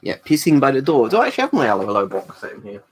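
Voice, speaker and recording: A man's voice: mid-range voice, huge pitch swings, rapid-fire. A man chatting casually on a live stream, reading out chat messages, swearing freely and rambling with fillers.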